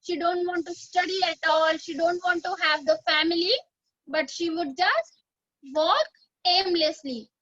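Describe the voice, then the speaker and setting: A very high, bright woman's voice, explaining a lesson step by step. She repeats and rephrases each point. The recording is dry and somewhat dull. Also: dry recording. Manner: explains slowly, repeats and paraphrases, reads story lines aloud. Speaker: English teacher.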